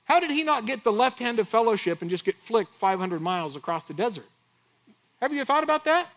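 A man preaching a sermon with animated delivery, firing off rhetorical questions and acting out snatches of dialogue. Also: high voice, a little fast. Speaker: pastor.

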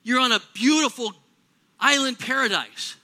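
A man preaching a sermon in a church, animated, acting out little everyday scenes in other voices. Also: very high voice, normal speed. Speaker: pastor.

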